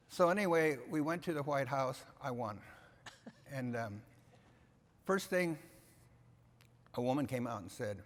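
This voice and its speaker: Older male keynote speaker, emphatic and lively, with a long hall echo. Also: mid-range voice, a little slow, pauses often. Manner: emphatic, repeats "okay?" to the audience. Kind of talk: animated keynote speech. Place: conference hall. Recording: reverberant hall sound.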